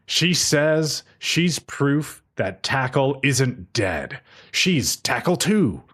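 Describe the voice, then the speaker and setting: A young man on a casual anime podcast, recapping an episode scene by scene. His voice moves lively up and down as he goes, and now and then he briefly acts out what the characters say. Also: mid-range voice, drawn-out words, slightly rough. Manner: recaps the plot at length, acting out the characters' lines. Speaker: podcast co-host.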